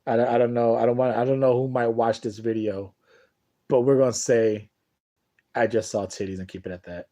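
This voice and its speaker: A man's voice: medium pitch, steady tone, fairly quick, mellow. A young man telling a long, profane, rambling story in casual talk to camera on a boxing talk show.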